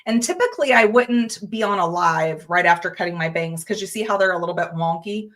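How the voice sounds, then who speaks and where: A woman's voice: fairly low pitch, expressive, fairly quick, a bit bright. A woman hosting a live jewelry-making stream, chatting casually, reading viewer comments aloud and greeting viewers by name. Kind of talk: casual livestream chat with viewers.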